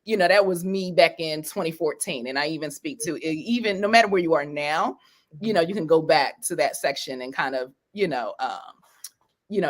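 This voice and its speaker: A woman guest on a video call interview, talking casually and rambling with many fillers and frequent laughs. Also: deep voice. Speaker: guest, author of a coloring book.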